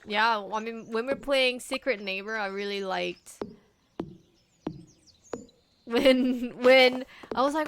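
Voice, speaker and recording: A woman's voice: fairly high pitch, expressive, takes it slowly, background noise. A young woman co-hosting a game stream, chatting casually and playfully retelling funny moments, often giggling. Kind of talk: casual chat. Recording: music playing underneath.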